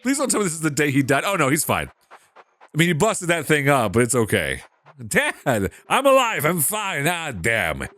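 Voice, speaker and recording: A young man giving casual let's play commentary, excitable and swearing with loud outbursts. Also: on the high side, moderate pace, faint music behind. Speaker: gaming commentator.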